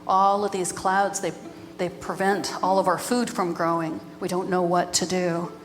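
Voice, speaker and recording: A woman's voice: on the low side, level tone, a little slow, lightly acted. A woman voicing hungry villagers who plead about their failing crops, told live with music underneath. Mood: desperate. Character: starving villagers, worried and desperate. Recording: live with long reverb and background music.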